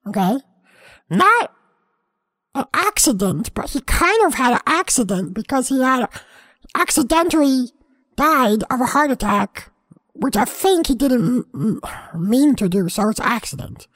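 A high-voiced, dim little boy hosts a comedy podcast, played by a woman. He rambles slowly, trips over his own words and keeps wandering off the point. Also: big pitch swings, fairly bright tone, heavily acted. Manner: rambling, halting, easily sidetracked. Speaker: podcast host.

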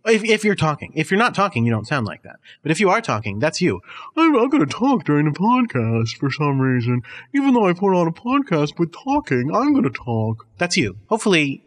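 A man's voice: medium pitch, a bit bright. A man hosting a comedy podcast, chatting in a rambling, self-deprecating way and mock-scolding his listeners. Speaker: podcast host.

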